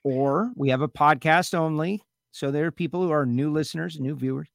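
A man's voice: on the high side, a little fast, vocal fry, no echo, clean studio sound. A man hosting a radio talk show, chatting casually and teasing his co-host with rambling asides.

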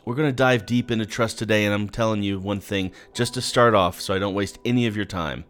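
A man's voice: lowish voice, fairly even intonation, fairly quick, fairly bright tone. A man giving an earnest, conversational devotional talk, speaking directly to the listener.

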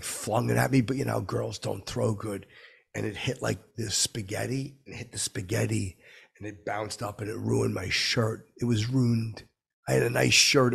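A man's voice: fairly low pitch, creaky, fairly bright tone, breathy edge. A man hosting a comedy podcast, telling a rambling, boastful story as a clueless character.

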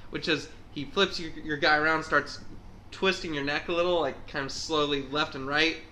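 A man co-hosting a casual podcast chat, an animated storyteller who acts out voices. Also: a little high, normal speed. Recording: echoey room, faint hum.

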